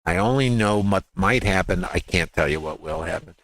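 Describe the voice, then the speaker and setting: A man's voice: low voice, normal speed, fairly bright tone, dry recording, low-quality recording. A man walking through live trading charts as a trading educator, emphatic, repeating key words and asking rhetorical questions.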